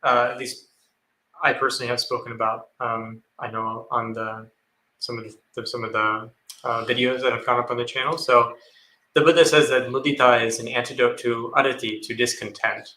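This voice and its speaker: Bright-voiced monk in an echoey room. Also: male voice, medium pitch, steady tone, moderate pace. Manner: thoughtful, repeats phrases, acts out inner voices. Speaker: monastic panelist. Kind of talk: dharma talk answering a question.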